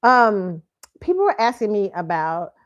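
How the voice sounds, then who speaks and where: A woman's voice: medium pitch, sing-song, a little slow, dull audio. A woman hosting her own pop-culture commentary stream, talking bluntly with plenty of swearing, frequent laughs and repeated "okay?". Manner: blunt and profane, laughs often, keeps asking "okay?". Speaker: show host. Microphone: streaming setup mic.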